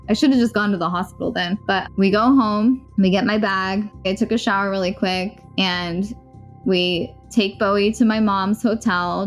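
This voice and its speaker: A woman frankly recounting a hard personal experience in a podcast interview, rapid and rueful, with short laughs. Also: mid-range voice. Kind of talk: candid personal storytelling.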